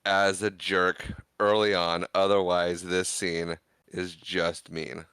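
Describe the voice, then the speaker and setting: Smooth bright-voiced man critiquing a film. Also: deep voice, level tone, slow pace, no room sound. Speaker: podcast co-host. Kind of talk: casual movie discussion.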